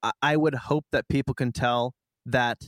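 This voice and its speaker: A man casually telling a long personal story as a guest, chatty and animated, acting out what people said. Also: mid-range voice, moderate pace, dry recording. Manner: chatty, animated retelling with quoted asides. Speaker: podcast guest.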